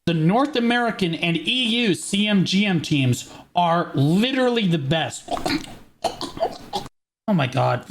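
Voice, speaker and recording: A man streaming reaction commentary in a casual, profane, excitable and jokey way. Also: high voice, a little slow.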